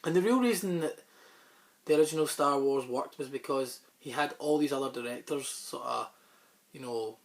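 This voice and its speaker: A man hosting a casual movie talk show, rambling and offhand, with a sore throat that keeps him clearing it and coughing. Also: medium pitch, moderate pace, long pauses. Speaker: host.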